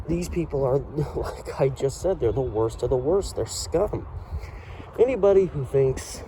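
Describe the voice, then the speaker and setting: A man's voice: mid-range voice, lively intonation, measured pace, dark tone. A man vlogging as he walks city streets at night, ranting heatedly with lots of "you know" fillers. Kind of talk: casual walking vlog monologue. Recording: street noise with passing traffic. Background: traffic and urban ambience.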